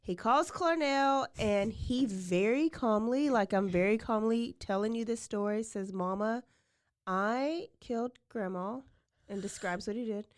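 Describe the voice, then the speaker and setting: A woman's voice: fairly high pitch, normal speed, few pauses, no echo, studio quality. A woman hosting a podcast, casually retelling a true-crime case and saying "like" often. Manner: chatty, fills with "like" often. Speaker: podcast host.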